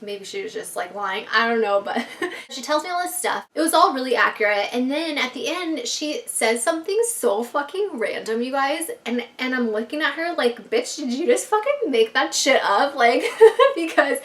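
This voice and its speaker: A woman's voice: sits high, expressive, normal speed, a bit bright, distant mic. A young woman vlogger telling a story in a chatty, rambling way, swearing freely and laughing often. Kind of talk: casual storytime monologue.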